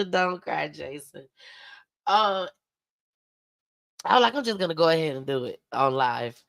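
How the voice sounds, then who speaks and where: Hosting a livestream, a woman thanks her viewers with heartfelt emotion, close to tears, calling them "y'all" and "baby." Her low, gravelly voice is expressive and fairly bright, moving at a measured pace with frequent pauses. The recording has no echo.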